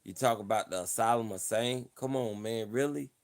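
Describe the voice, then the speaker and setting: A man's voice: fairly low pitch, normal speed. A man hosting a casual livestream, talking in a playful, boastful way and repeating his lines over and over. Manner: playful, repeats himself, boastful mock-campaign talk. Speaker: livestream host.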